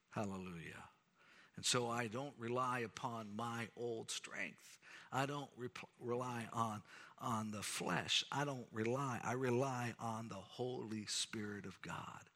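A man's voice: mid-range voice, sharp tone. A middle-aged man preaching a sermon in an earnest, emphatic way. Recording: long reverb of a large hall.

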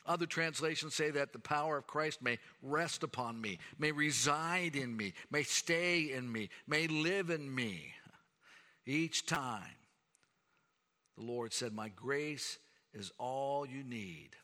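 A man's voice: on the high side, slow, sharp tone. A middle-aged man preaching a sermon in an earnest, emphatic way. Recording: long reverb of a large hall.

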